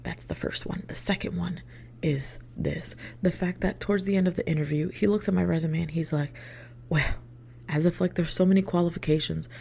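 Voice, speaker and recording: A young woman telling a story from her past in casual storytime style. She swears freely, uses lots of filler words, and drops into hushed whispered asides. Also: lowish voice, steady tone, a little fast, creaky, slight background noise. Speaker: vlogger.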